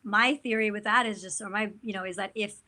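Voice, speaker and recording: Bright-voiced chatty woman actor. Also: mid-range voice, a little fast. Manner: animated, chatty, many fillers. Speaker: guest actor. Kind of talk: casual interview talk.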